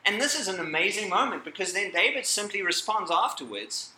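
A man's voice: sits high, animated, a little fast, few pauses, pushed and bright. A man giving a talk to a live audience, chatty and joking, breaking off mid-sentence and laughing at his own asides. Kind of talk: lively lecture to a live audience. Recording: echoey hall.

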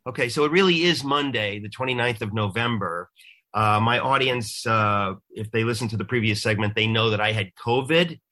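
A man's voice: lowish voice, normal speed, bright, forceful tone. A middle-aged man hosting a talk show, congested from a cold, chatting in a loose, joking, self-deprecating way. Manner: jokey, rambling, self-deprecating. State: stuffed up, congested. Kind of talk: casual radio talk.

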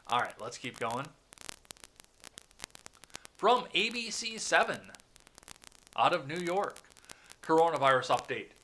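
A man with a bright, edgy voice that swings up and down a lot as he talks. He hosts a podcast, reads news stories aloud and rants about them bluntly, with plenty of swearing. He sits a touch higher in pitch than most men. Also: sing-song, slow, long pauses, a little hiss or hum. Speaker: podcast host. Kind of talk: casual political commentary.

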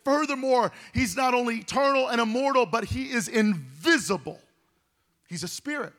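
High-pitched guy pastor preaching hard, shouty and singsongy at times. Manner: impassioned preaching, swells into shouts and sing-song cadences. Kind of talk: sermon.

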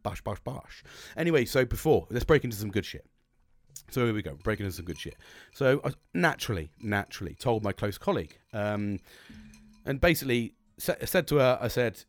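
A man's voice: lowish voice, expressive, a little fast, no echo. A middle-aged man, ranting in a sweary, rambling monologue with bursts of laughter. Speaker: podcast host.

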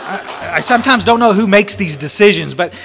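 A man's voice: high voice, animated, fairly quick, music in the background, a crowd in the background. Folksy man in a reverberant hall. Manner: folksy and blunt, many restarts, mild swearing. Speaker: speaker at a recovery retreat. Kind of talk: storytelling talk to a men's group.

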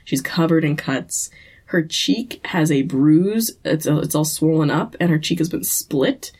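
A woman's voice: deep voice, unhurried, darkish tone, husky. A woman co-hosting a podcast, recapping a TV episode in casual chat and slipping into playful quoted impressions.

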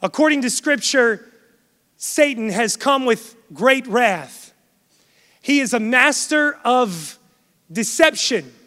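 High, bright-voiced preaching man in a hall. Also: animated, slow. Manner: emphatic preaching, rising and falling in force. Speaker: pastor. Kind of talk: sermon. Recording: long hall reverb.

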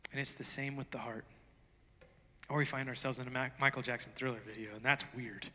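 A man preaching a sermon, chatty and plainspoken, then swelling into loud, fervent stretches. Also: mid-range voice, steady tone, brisk. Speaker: pastor. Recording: long reverb of a large hall.

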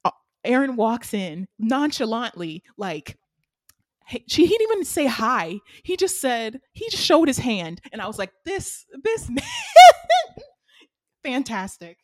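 A woman, co-hosting a casual anime recap chat and retelling scenes with excited, animated energy. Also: on the high side, normal speed, dry recording, clean studio sound. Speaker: podcast co-host.

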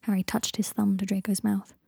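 A woman reading fan fiction aloud in a soft, hushed manner with a gravelly, husky voice. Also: mid-range voice, little pitch movement, a little fast, no room sound, clean studio sound. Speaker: audiobook reader.

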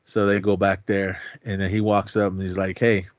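A man's voice: deep voice, completely flat delivery, moderate pace, no echo, dull audio. A male podcast co-host casually recapping a movie in a rambling way, with lots of fillers, acting out the dialogue as he goes. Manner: rambling retelling full of fillers and acted-out dialogue.

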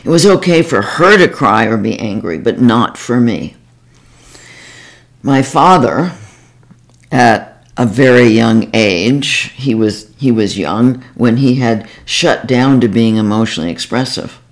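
A woman hosting her own podcast, speaking as a therapist in a calm, reflective monologue. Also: a bass voice, a little slow.

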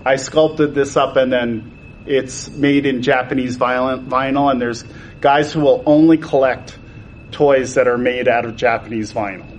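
A man's voice: mid-range voice, steady tone, normal speed, background noise. Chatty man telling stories at a convention. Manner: chatty, laughs often, acts out quotes. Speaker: toy designer guest. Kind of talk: casual anecdotal storytelling. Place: convention panel.

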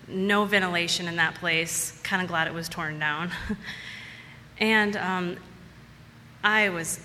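A woman with a low-leaning, sharp-toned voice shares a personal story with a live audience in a large hall, where a little background noise can be heard. She speaks casually and chattily, repeating words for emphasis.

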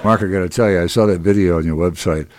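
Deep-voiced dude hosting a podcast, laid-back, chatty. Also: male voice, quick pace, darkish tone, slight background noise. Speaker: podcast host. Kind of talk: casual chat.

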